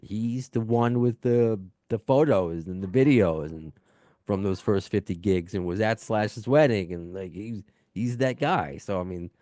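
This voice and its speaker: Low-voiced rambling podcast host, man. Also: a little slow, mellow, no echo, studio quality. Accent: New York. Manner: rambling, self-deprecating, lots of fillers and restarts. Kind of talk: casual podcast chat reading listener emails. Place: home, baby heard in background.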